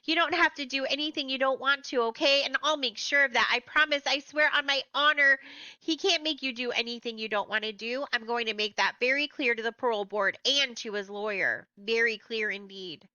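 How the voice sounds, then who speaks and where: A woman's voice: a little high, fairly even intonation, fairly quick, sharp tone, dry recording, muffled recording. A woman voicing a kind but firm middle-aged school principal, speaking earnestly and reassuringly. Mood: earnest reassurance.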